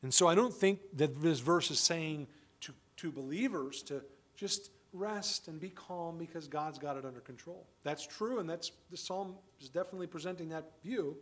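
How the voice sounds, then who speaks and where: A man with a high voice delivers a sermon to his congregation. He presses his points emphatically and keeps posing rhetorical questions. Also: moderate pace. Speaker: pastor; father of children.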